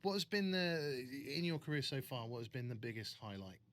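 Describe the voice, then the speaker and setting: A man's voice: medium pitch, very animated, fairly quick. A man co-hosting an interview, asking questions with frequent restarts and repeated words. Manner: warm-hearted, stumbles and repeats words.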